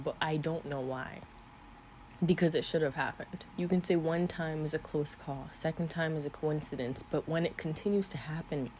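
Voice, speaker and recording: Low-voiced young woman, earnest and tearful. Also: a little mellow, slight background noise. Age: 20s. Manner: earnest, tearful at times, with small laughs. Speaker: vlogger. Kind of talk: emotional faith talk to camera. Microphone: camera mic.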